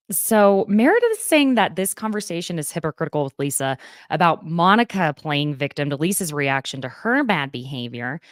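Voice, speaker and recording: A chatty young woman whose Southern accent slips in as she recaps reality TV gossip. Her voice sits low and she breaks into laughs between points. The sound is close and dry. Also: no room sound. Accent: Southern American. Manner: chatty, laughs often, reads quotes aloud. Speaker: podcast host.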